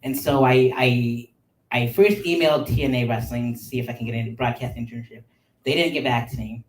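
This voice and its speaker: A man in his thirties casually telling a long personal story on a podcast, animated and full of likes and ums. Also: medium pitch, fairly quick. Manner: animated, filler-heavy with many likes and ums. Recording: roomy sound, mic at a distance.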